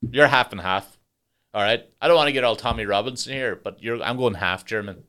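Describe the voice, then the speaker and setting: A man's voice: medium pitch, a little fast, pushed and bright, clean tone. A man, a stand-up comedian hosting his own podcast in a rambling, sweary, jokey solo monologue.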